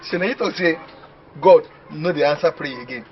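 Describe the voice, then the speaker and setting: A man's voice: fairly high pitch, a little fast, lightly acted. A man playing a boastful village dreamer with a Nigerian Pidgin accent. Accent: Nigerian Pidgin English. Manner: boastful, excitable, laughing often. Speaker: villager dreaming of going to the city. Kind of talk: comedy film acting. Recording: muffled film audio with faint hiss.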